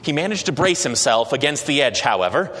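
A man's voice: mid-range voice, sing-song, a bit bright. Man telling a story with reverb. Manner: slow, dramatic, with occasional hesitations. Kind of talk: storytelling narration. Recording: long reverb.

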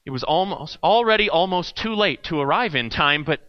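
A man reading a parable aloud in a measured, deliberate way. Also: fairly high pitch, animated, no room sound, dull audio. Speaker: storyteller.

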